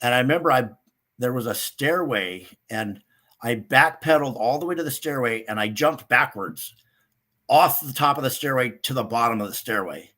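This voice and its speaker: A man's voice: expressive, normal speed, sharp tone. Older man telling a rambling story. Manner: rambling, acts out quotes with sudden higher pitch. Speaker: guest. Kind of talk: casual storytelling interview.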